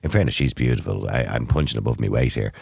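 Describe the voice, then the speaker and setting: Irish guy on the radio, middle-aged, real deep voice, fast and bouncy, dry studio sound. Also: vocal fry, slightly rough, no room sound. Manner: animated, chatty, laughs often. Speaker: radio show host. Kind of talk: casual radio chat.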